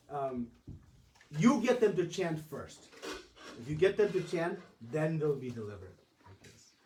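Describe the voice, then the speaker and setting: A male preacher telling a sermon story in an animated way, laughing often. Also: fairly high pitch. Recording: roomy distant mic.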